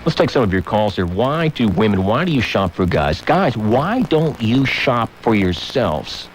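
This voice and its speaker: Ranting talk radio host, lively pitch. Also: male voice, unhurried, slight background noise, low-quality recording. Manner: ranting, with shouted mock outbursts. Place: radio studio. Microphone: studio microphone.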